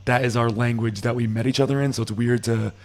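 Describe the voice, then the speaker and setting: A man from the United States talking as a podcast guest in quick, agreeable chatter. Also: mid-range voice, fairly even intonation. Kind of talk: casual podcast chat.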